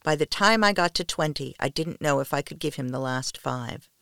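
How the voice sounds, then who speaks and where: A woman podcast storyteller reading a first-person story in a soft, intimate manner, often near a whisper, with a gravelly voice. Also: low voice, lively intonation, normal speed, dry recording, clean studio sound.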